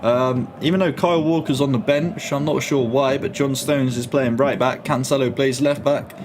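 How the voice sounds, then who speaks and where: Medium in pitch, fairly even in intonation and at normal speed, a young man streams a football watch-along live from home. His casual talk is packed with slang as he reads chat comments, with background noise and faint music behind.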